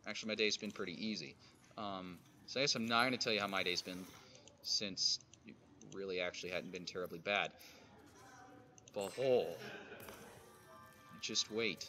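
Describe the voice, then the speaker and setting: A man streaming a survival game, muttering and grumbling and swearing at creatures, with sudden loud outbursts. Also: fairly low pitch, a little hiss or hum. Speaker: gaming streamer. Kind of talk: casual let's-play commentary.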